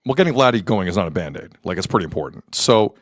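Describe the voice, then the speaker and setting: A man hosting a sports talk show, chatting animatedly, cutting in often and breaking into shouts of excitement. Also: fairly low pitch, fast, dry recording, clean studio sound.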